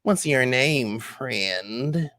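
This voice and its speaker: A man voicing a small, wary male goblin scout in a tabletop game, asking slow, guarded questions. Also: medium pitch, expressive, pushed and bright, voice pushed up, heavily acted.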